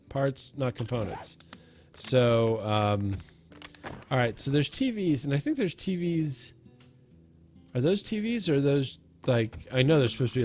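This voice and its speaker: Guy doing goofy let's play commentary, mid pitch, bit of game music behind. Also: a little mellow. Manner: jokey, talks to himself and the zombies, self-mocking. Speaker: gaming let's-play host. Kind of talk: casual gameplay commentary.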